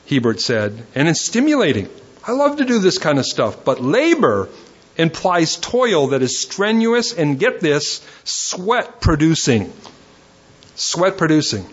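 A man preaching a sermon in an earnest way, often repeating words as he gives everyday examples. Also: medium pitch. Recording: dull lo-fi sermon recording.

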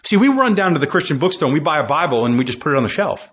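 A man's voice: a little high, very animated, rapid-fire, fairly bright tone, husky, muffled recording. A man preaching a sermon, reading scripture aloud and acting out quoted voices, building to impassioned emphasis.

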